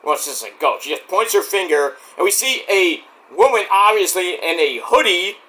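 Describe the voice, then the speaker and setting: A man giving a casual solo review of a wrestling show, excitable and profane, breaking into rants. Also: high voice, normal speed.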